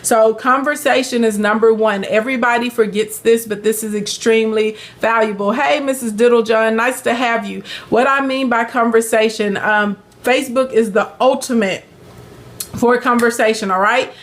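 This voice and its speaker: A woman's voice: fairly high pitch, fairly even intonation, normal speed. A woman with a Southern US accent hosting a casual live business Q&A, chatty and upbeat, greeting viewers by name and calling them honey. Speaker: live-stream business coach.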